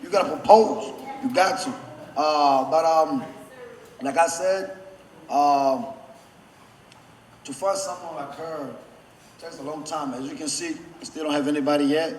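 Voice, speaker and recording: A man giving a best man's toast, choked up and holding back tears, halting with many fillers and restarts. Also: a little high, steady tone. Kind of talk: wedding toast. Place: wedding reception hall. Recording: echoey reception hall with faint background noise.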